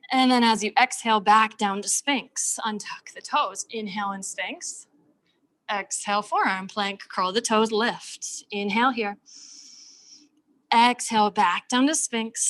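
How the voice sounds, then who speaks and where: A woman's slightly high voice leads a yoga class over a video call. She paces her cues to the breath, steady and calm. She sounds like a young adult instructor guiding students through each move. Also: poor audio. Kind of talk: live-cued yoga class.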